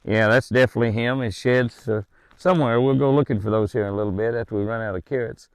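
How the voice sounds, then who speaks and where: Man, gravelly voice, casual outdoor ranch vlog, coaxes deer. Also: mid-range voice, fast talker. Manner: coaxing, chatty, coos to the deer. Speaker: ranch owner filming his deer. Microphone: handheld camera.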